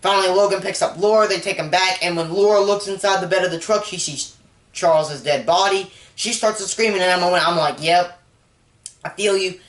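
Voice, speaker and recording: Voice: mid-range voice, fairly quick, a bit bright, echoey room. A movie reviewer recapping a film in a rambling, casual way, full of "like" and openly emotional about the story.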